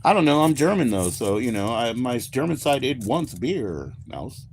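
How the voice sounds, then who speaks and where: A man's voice: medium pitch, big pitch swings, moderate pace, darkish tone, a little hiss or hum. An American man chatting casually on a livestream with viewers, rambling, laid-back and swearing freely. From United States. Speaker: livestream host.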